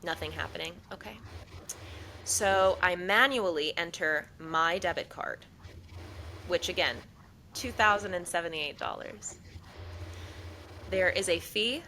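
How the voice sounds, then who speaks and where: Bright-voiced woman telling a story. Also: fairly low pitch, a little slow, long pauses, slight background noise, rough recording. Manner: animated storyteller acting out quoted exchanges. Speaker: podcast co-host. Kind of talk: casual storytelling chat.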